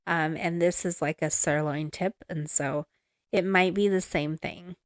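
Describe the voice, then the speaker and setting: Young female home podcaster, self-conscious and chatty, unhurried delivery, dry handheld mic sound. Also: fairly low pitch, fairly even intonation, no room sound. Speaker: podcast host. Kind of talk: casual recipe reading. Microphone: handheld mic, moved around.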